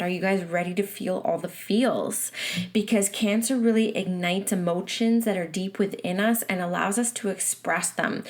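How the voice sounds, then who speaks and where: A woman in her thirties hosting a casual spiritual podcast as a medium, talking in a chatty, earnest way with many "um"s and "you know"s. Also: medium pitch. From Canada.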